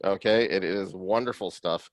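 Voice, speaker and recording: A man's voice: deep voice, normal speed, no echo. A man hosting an interview, asking questions in a casual, enthusiastic way. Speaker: podcast host.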